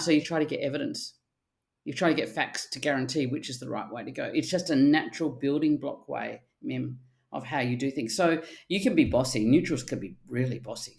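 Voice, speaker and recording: A middle-aged woman, a therapist speaking in casual podcast chat, animated and blunt, with the odd swear word. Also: a bass voice, a little fast, gravelly. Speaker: archetypal therapist guest.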